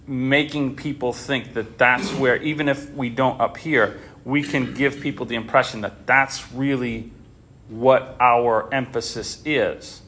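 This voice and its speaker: A man's voice: medium pitch, fairly bright tone. A man teaching a Bible class in an informal way, often stopping short, restarting and repeating words as he talks.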